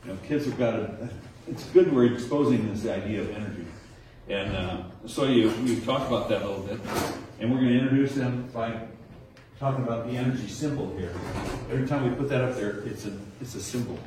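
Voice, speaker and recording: Man guide at a nature center, chatty and animated with a group, miked from far off in a very echoey room. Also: medium pitch, brisk, background noise. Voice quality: chatty, acts out kids' answers with rising tones. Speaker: nature center docent training teachers. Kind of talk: informal talk to a small group. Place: indoor room with a nature diorama.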